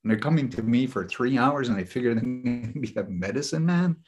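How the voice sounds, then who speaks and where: A man's voice: medium pitch, lively intonation, brisk, over music. A man leading a group session as a spiritual teacher, talking casually and earnestly, telling personal stories with frequent restarts. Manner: rambling, earnest, frequent "you know" and restarts.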